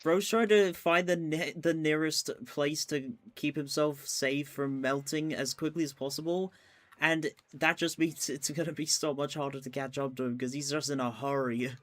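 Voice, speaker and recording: A man chats away as he streams a racing game live, his voice sitting a little higher than most men's. He narrates each move and laughs easily with his co-streamer. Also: fairly even intonation, moderate pace. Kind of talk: live gameplay commentary.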